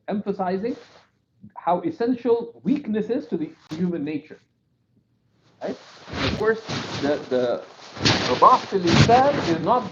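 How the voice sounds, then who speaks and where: A man teaching from a classical text, explaining step by step, often checking with "right?", and reading quoted passages in quick bursts. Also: high-pitched, highs cut off, slight background noise. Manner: reads quotations in rapid bursts.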